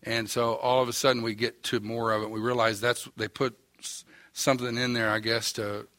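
A man's voice: mid-range voice, flat delivery, normal speed, fairly bright tone, dry recording. An older man with an Oklahoma accent preaching a sermon, telling a story in a folksy, wry, self-mocking way. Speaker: pastor.

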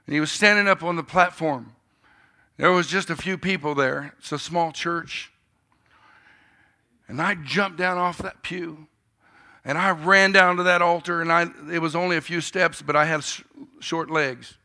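A man in his fifties preaching a sermon, telling a story in a style that moves from quiet reflection to loud, animated telling. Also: on the high side, moderate pace. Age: 50s.

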